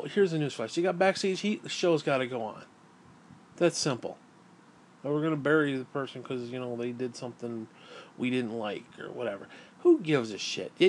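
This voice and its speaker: A man's voice: on the high side, slight background noise. A man delivering an angry, profane rant, sighing and restarting his sentences as he vents. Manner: profane, exasperated, rambling with restarts and sighs. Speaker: gaming and wrestling commentator.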